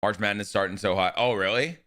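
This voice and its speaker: A man's voice: fairly low pitch, steady tone, brisk, bright, forceful tone. A young man streaming live, talking casually and with energy to his chat and greeting viewers by name.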